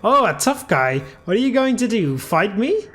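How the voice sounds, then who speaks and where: A man voicing a possessive, threatening female spirit in a visual novel, speaking slowly, with faint music behind. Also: high-pitched, big pitch swings, fairly bright tone, pitched above the performer's own voice. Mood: mocking.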